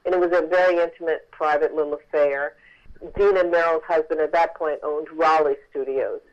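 A woman author telling a story in a phone interview, lively and acting out the voices of the people she quotes. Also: low voice, brisk, dull audio.

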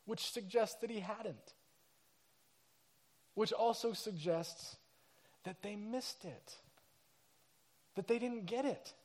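A man preaching a casual, animated sermon, acting out the people in the story with slang and quick voice changes. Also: high-pitched. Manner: casual slang like dude and crazy. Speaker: pastor.

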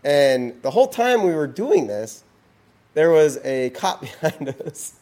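A man's voice: fairly high pitch, very animated, measured pace, mellow. Rambling man telling a story. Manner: rambling, many restarts and "you know"s. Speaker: podcast guest. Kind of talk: casual storytelling.

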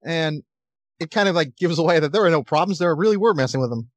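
A man co-hosting a podcast, joking and laughing through quick banter about old wrestling. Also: a little high, lively intonation, dry recording. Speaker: podcast co-host. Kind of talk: casual chat recapping old wrestling.

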